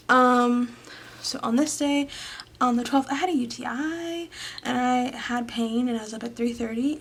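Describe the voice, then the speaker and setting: A young woman chats her way through her planner in a slightly high voice with a gravelly fry. She sounds tired and rambles with fillers, sometimes dropping to a whisper. Faint noise sits under the home recording. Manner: rambling, filler-heavy, often trails into whispers. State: tired, yawning late at night. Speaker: planner vlogger. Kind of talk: casual chatty voice-over. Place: home, late at night.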